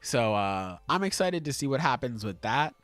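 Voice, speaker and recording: Dry-sounding excited podcast host, man. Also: mid-range voice, moderate pace, no echo, faint music behind. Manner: enthusiastic, swears freely. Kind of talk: casual chat.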